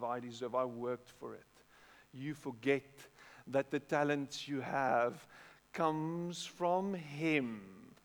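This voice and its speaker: A middle-aged man with a South African accent, preaching a sermon in a conversational way, repeating words and breaking into animated bursts. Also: on the high side. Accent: South African English. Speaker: pastor. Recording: long hall reverb.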